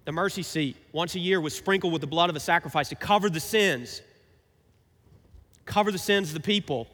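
Guy pastor preaching, kinda high bright voice, lots of questions to the crowd, big echoey church hall. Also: fairly quick. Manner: conversational preaching with rhetorical questions. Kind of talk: sermon.

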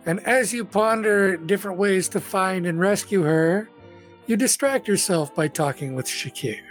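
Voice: medium pitch, moderate pace, soft background music. A game master narrating a tabletop game in a chatty way, with fillers and asides.

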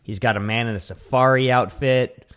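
A man's voice: medium pitch, steady tone, moderate pace, fairly bright tone. A man co-hosting a podcast in casual comedic chat, riffing animatedly and swearing freely. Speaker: podcast co-host.

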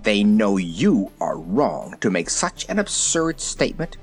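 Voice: low voice, sing-song, a little slow, faint music behind, voice pushed down. A reader doing a pompous talking zebra. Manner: formal, pompous, easily ruffled. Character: proud talkative male zebra from the forest.

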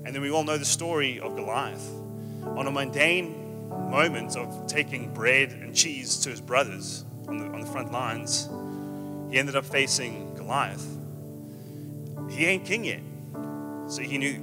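A man preaching a sermon to a live church audience, emphatic and energetic, easing into soft drawn-out phrases. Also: mid-range voice. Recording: reverberant hall with soft guitar behind.

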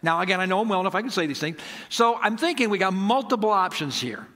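A middle-aged male pastor preaches in a bright, forceful voice that sits a little high. He talks to his congregation conversationally, asks them rhetorical questions and acts out both sides of the conversations in his stories. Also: expressive, fast talker, in a large hall. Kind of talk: sermon.

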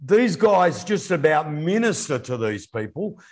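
Aussie guy chatting business on a podcast, kinda husky, voice goes all over the place. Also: on the high side, measured pace. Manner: animated storyteller. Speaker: podcast co-host. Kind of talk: casual business chat.

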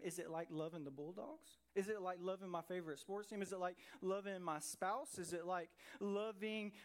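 Pastor, middle-aged man, high voice, conversational and animated, keeps asking rhetorical questions. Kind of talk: sermon. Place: church sanctuary.

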